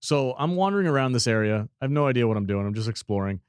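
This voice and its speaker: A man co-hosting a casual gaming chat, excitable and swearing freely. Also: mid-range voice, racing, clean tone, dry recording, clean studio sound. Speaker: gaming podcast co-host.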